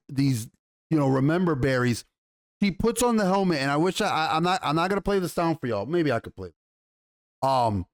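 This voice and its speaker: A man ranting in an exasperated tone as he reviews a TV episode, swearing often and restarting his sentences. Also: fairly high pitch. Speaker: YouTube TV show reviewer.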